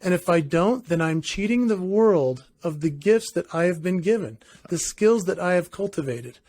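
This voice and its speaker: Animated high-voiced man. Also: normal speed, no echo. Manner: animated storyteller. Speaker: guest, performer and author. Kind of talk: casual interview.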